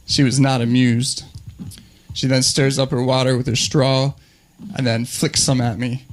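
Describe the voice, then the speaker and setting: Deadpan male comedian telling a story. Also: medium pitch, unhurried. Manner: deadpan, dry delivery. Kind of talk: stand-up storytelling.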